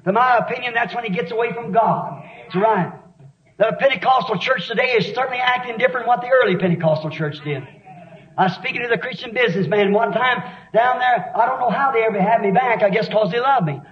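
A man preaching a sermon with fervent, rapid delivery that rises into shouts. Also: very high-pitched. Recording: echoey dull lo-fi sermon recording.

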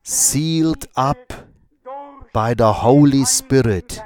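A man preaches a sermon in a church, speaking in an unhurried, measured way. His pace is extremely slow, with each short phrase set apart by a pause. His voice sits at an ordinary middle pitch for a man. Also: a little mellow.

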